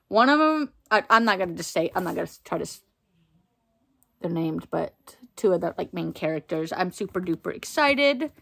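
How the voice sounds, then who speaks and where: A young woman unboxes a parcel for her book channel, talking at an unhurried pace. She keeps saying how excited she is and fills her sentences with little fillers. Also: fairly low pitch, vocal fry. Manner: chatty, excitable, lots of fillers. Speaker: book vlogger. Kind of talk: casual unboxing chat.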